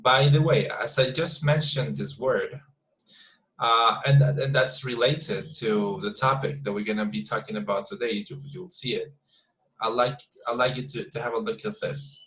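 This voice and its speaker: Male teacher on a video call, mid pitch, halting and repetitive. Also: fairly bright tone, poor audio. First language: Spanish. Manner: hesitant, many repeated words and fillers. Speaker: English teacher. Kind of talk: online class instruction.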